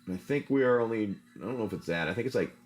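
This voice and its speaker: A man's voice: on the low side, expressive, rapid-fire, slight background noise. A man hosting a casual livestream, chatting as he opens card packs and rambling through an improvised adventure story. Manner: rambling, chatty, talks while handling cards.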